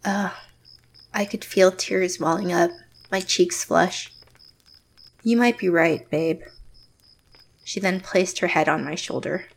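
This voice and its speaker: Woman voicing a reserved young woman, first-person narration, quiet, measured, low, gravelly. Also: heavily acted. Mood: guarded. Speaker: narrator and lead character.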